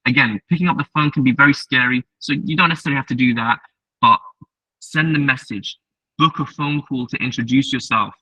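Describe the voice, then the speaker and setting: Bright, husky-voiced man telling a story. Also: mid-range voice, brisk, dry recording. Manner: acts out dialogue in quoted voices, chatty and direct. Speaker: tech talk speaker, software engineer. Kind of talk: casual storytelling talk. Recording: distant mic, dull lo-fi sound.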